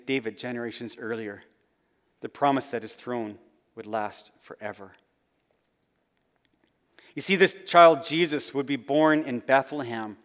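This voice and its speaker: Earnest man preaching in a reverberant hall. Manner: earnest, rising then dropping to soft low phrase endings. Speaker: pastor. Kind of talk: sermon.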